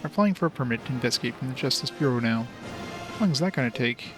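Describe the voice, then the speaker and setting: A calm male security commander, voiced by a man reading the game aloud, reports in a measured, businesslike way at a middling pitch. His delivery stays level and official. Clear game music runs underneath. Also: close to an everyday voice.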